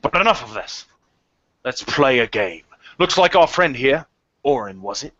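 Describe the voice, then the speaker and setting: A man voicing a boisterous, proud male tavern warrior with a hearty, booming delivery, on a dry, muffled recording. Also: very animated, unhurried, fairly bright tone, no echo. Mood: jovial.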